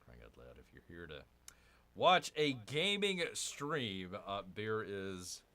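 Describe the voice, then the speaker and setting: Casting note: lively male game streamer, bright and animated, chatty, talks straight to his viewers. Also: lowish voice, takes it slowly. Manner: excitable, chatty, keeps addressing viewers as "people". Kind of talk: casual livestream chat.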